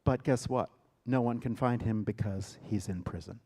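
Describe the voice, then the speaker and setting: A man, a theater director, giving a lecture and retelling a story with dramatic emphasis and sudden loud bursts. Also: on the low side, moderate pace. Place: lecture hall.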